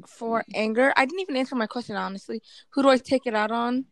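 A woman's voice: a little high, fast talker, no echo. A woman in casual podcast chat, ranting bluntly and with exaggeration. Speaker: podcast co-host.

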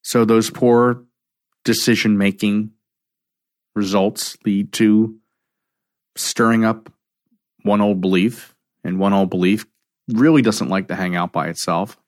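Low-voiced man explaining emotional triggers. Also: takes it slowly, pauses often, no room sound, studio quality. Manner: animated storyteller, acts out quoted dialogue. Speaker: counselor. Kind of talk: reflective talk on emotional triggers.

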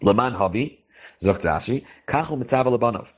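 A man's voice: medium pitch, lively intonation, fairly quick, breathy edge. A man teaching a religious text line by line, each phrase with a pronunciation and then translating and explaining it. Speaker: Torah teacher. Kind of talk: line-by-line text study, mixing Hebrew and English.

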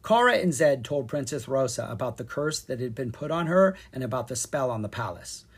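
A narrator giving an expressive reading of a children's storybook. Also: mid-range voice, a little fast, breathy edge. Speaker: audiobook narrator.

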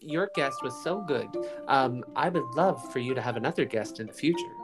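A woman's voice: rumbling low, animated, a little fast, over music. A woman co-hosting a podcast, chatting casually and retelling a news story, with many fillers. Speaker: podcast co-host.

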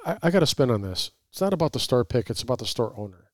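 A man co-hosting a casual podcast chat, playful and teasing, quick to laugh. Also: medium pitch, big pitch swings, a little mellow, dry recording, clean studio sound. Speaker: podcast co-host.

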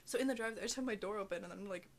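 A woman's voice: medium pitch, rapid-fire, a little hiss or hum. A woman co-hosting a podcast. She talks casually and bluntly and swears freely, speaking into a plastic bottle that makes her voice sound echoey. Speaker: podcast co-host. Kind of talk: casual chat. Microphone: talking into a plastic bottle, sounds echoey.

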